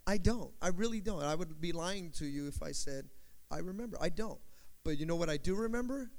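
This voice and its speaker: High, lively-voiced male preacher. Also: fairly quick. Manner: animated storytelling, repeats phrases for emphasis. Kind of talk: sermon.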